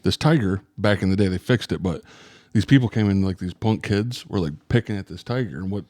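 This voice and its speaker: A man co-hosting a podcast in casual chat, halting and searching for words. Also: low-pitched, a little mellow, no room sound, studio quality. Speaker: podcast co-host.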